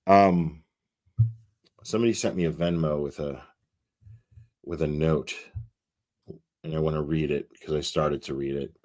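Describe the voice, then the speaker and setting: A man's voice: a bass voice, steady tone, measured pace, long pauses, darkish tone. A man hosting a casual livestream, chatting, swearing freely and thanking viewers by name. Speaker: livestream host.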